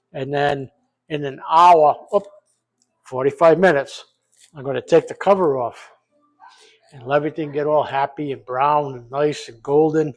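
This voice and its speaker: Brief: older male vlog host, gravelly and a touch high-pitched, profane and jokey home-kitchen chatter. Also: darkish tone. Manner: profane, joking, off the cuff. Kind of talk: casual cooking vlog.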